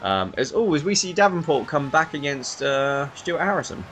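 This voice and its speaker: A young man commentating a racing game in a lively, chatty way, often stumbling over driver names. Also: on the high side, moderate pace, faint music behind. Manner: animated, self-deprecating, stumbles over names. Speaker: race commentator.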